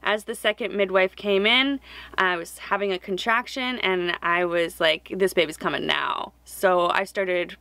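A woman's voice: on the low side, a bit bright, no echo. A young woman telling her own story to camera, heartfelt and close to tears at times. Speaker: vlogger. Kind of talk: personal story told to camera.

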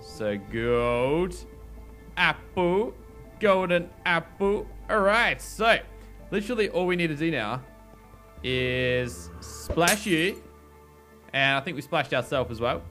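Male gaming host, sharp and forceful, playful commentary, light music bed. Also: a little high, slow. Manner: excitable, talks to game characters. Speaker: gaming YouTuber. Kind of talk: casual let's play commentary.

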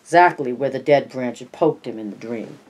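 An audiobook narrator reading a horror novel in a measured way, dropping softer for tense passages. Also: mid-range voice. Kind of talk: scripted narration.

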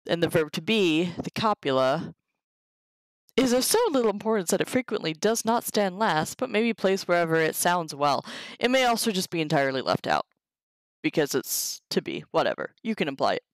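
Low-voiced woman studying Latin on stream. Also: very animated, no room sound, poor audio. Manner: reads Latin aloud slowly, chatty asides. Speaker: streamer teaching herself Latin. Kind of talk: casual live-stream study session.

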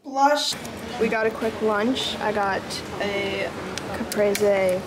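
A woman's voice: mid-range voice, slow pace, roomy sound, background noise. A young woman chatting casually into a phone camera, talking about her trip, full of fillers and a little out of breath. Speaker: travel vlogger. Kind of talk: casual vlog chat. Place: hotel room and car.

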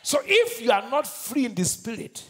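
Nigerian male pastor, high-pitched voice, call-and-response sermon, shouts then drops low. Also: wildly swooping pitch, moderate pace. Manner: call-and-response preaching, asks the crowd to finish his lines; swings between loud shouted bursts and low quiet asides.

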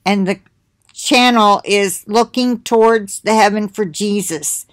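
Middle-aged woman rambling to her viewers, slow and chatty, dry close mic. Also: medium pitch, no room sound. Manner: slow, rambling, reads titles aloud with asides. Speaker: video host sharing links. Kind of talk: casual monologue to viewers.

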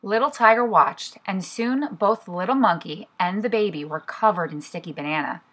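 A woman, a preschool teacher, reading a picture book aloud to young children in an expressive storybook manner. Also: medium pitch, moderate pace, breathy edge.

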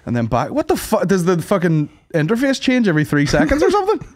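A man's voice: high voice, quick pace, no echo, clean studio sound. A young adult man, co-hosting a podcast and ranting in casual banter with plenty of swearing. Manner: sweary, animated storytelling with put-on voices. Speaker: podcast co-host.

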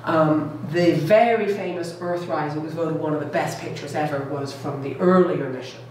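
A woman's voice: sits low, moderate pace, a little mellow. A middle-aged woman giving a public science lecture, enthusiastic and often checking in with her audience. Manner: enthusiastic, keeps checking in with "okay?" and "all right?". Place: lecture room. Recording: echoey room, distant mic, faint noise.

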